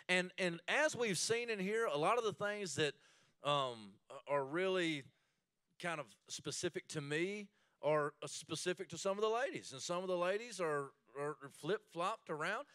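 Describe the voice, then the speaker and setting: A man leading a church marriage class, animated and joking, laughing often as he talks. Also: high voice, unhurried, clear, resonant tone, no echo, clean studio sound.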